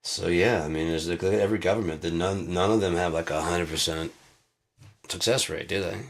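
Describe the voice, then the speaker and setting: A U.S. show host around fifty has a low, gravelly voice with fairly even intonation and a brisk delivery. Ranting casually, he curses nonstop, wanders from point to point, and bursts out laughing loudly.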